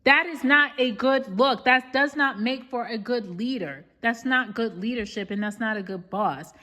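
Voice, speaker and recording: A woman's voice: fairly high pitch, moderate pace, sharp tone. A woman vlogger giving an emphatic, indignant rant recap of a reality show, often calling out to viewers as "y'all".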